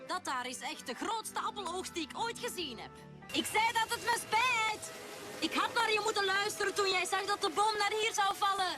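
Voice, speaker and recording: A woman's voice: very high voice, brisk. A woman with a Flemish accent voicing a hardworking country farm pony in a cartoon dub, with a plain delivery, over music.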